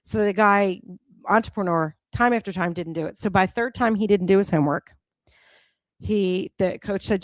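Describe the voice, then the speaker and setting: A woman's voice: medium pitch, moderate pace, dry recording. Direct woman coach on dry mic. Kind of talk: casual chat.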